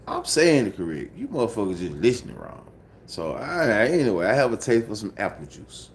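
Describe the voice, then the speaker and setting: A man's voice: on the low side, wildly swooping pitch, moderate pace, a little hiss or hum. A man with a Memphis accent chatting casually on a phone livestream at home, sleepy and laid-back, with a repetitive, mumbled drawl. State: sleepy, just woke up.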